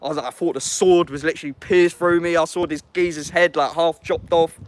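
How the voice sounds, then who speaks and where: A man's voice: on the high side, fairly even intonation, fairly quick. A young adult man with an English accent, chatting casually and slangily on a livestream, swearing and answering chat comments.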